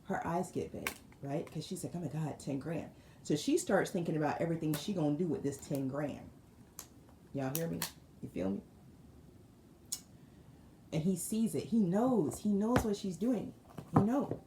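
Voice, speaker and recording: A woman tarot reader telling a story with animated asides to her viewers. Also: on the low side, normal speed, long pauses. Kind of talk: storytelling spiritual reading. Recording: roomy room with faint noise.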